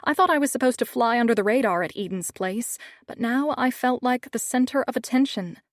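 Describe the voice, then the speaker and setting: A woman narrating a first-person audiobook with steady, measured storytelling. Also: a little high, no room sound, studio quality.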